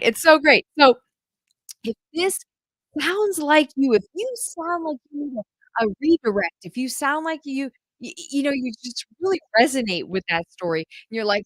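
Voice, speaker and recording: Animated, enthusiastic woman homeschool coach. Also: high-pitched, normal speed, no echo, poor audio. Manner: enthusiastic, chatty, addresses listeners as "you guys". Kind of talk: direct-to-audience podcast monologue.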